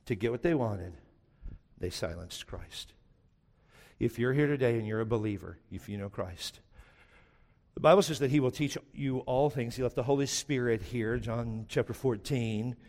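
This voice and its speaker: A man preaching a sermon as pastor, shifting between driving emphasis and hushed, slow lines. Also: mid-range voice. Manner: preaching with sudden drops to a hushed voice. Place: church sanctuary. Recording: long hall reverb.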